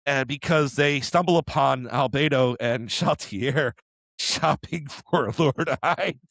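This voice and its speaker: A man co-hosting an anime podcast, retelling episodes in an animated way with quick character impressions and frequent laughs. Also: medium pitch, vocal fry, dry recording. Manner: laughs often. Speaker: podcast co-host. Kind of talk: casual anime discussion.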